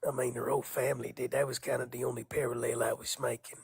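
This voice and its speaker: Co-host, woman with a very low, raspy voice and sarcastic wit. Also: level tone, fast, darkish tone, dry recording, studio quality. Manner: sarcastic, playful. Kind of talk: casual chat.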